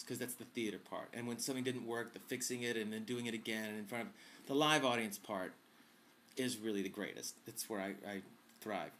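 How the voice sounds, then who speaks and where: A man's voice: mid-range voice, a bit bright, a little hiss or hum. A man hosting a casual vlog, answering viewer questions in a chatty, campy, wisecracking way.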